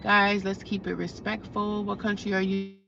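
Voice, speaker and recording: A woman's voice: medium pitch, level tone, normal speed, vocal fry, muffled recording. A woman from New Jersey live-streaming, bluntly ranting at trolls and chatting casually with viewers.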